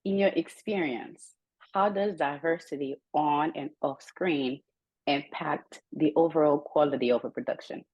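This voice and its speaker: A young woman with a Haitian accent hosts the interview in a low, husky voice. She tells her stories with lively energy and laughs often between her lines. The sound is dry and close. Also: measured pace, no room sound, lo-fi sound. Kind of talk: conversational interview.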